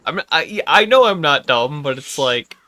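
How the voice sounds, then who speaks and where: A man's voice: on the high side, animated, measured pace, pushed and bright, no room sound. A young man co-hosting a game playthrough, teasing his friend and laughing, often stumbling over his words. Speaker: let's play co-host. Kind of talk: casual gaming chat.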